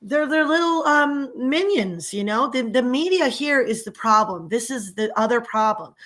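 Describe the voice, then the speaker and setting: Indignant, ranting woman with a bright voice. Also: a little high. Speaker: local commentator and small business owner. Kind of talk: angry political rant vlog.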